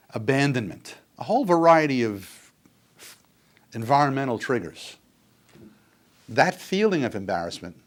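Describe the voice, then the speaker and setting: An older man speaking on addiction recovery in an earnest, emphatic lecture that repeats its points. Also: medium pitch.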